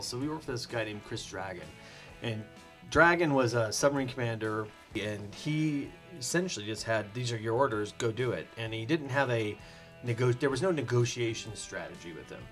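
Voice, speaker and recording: Animated man telling stories on a podcast. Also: medium pitch, moderate pace, faint music behind. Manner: animated storyteller, mimics voices, lots of fillers. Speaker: podcast co-host. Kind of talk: casual podcast chat. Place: living room.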